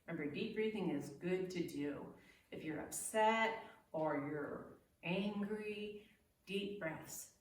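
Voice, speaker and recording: A woman leading a children's circle-time lesson, gentle and sing-song, pausing for the children's answers. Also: fairly low pitch. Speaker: preschool teacher. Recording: very echoey room, voice from a distance.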